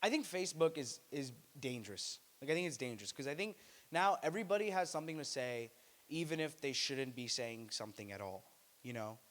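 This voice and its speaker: A young man works through an open mic stand-up set, deadpan between bits and then loud and shrill when he acts them out. His voice sits in a middle register. The live room gives him a long, hanging reverb. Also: fairly quick. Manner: deadpan delivery with loud high-pitched put-on voices. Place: small student venue.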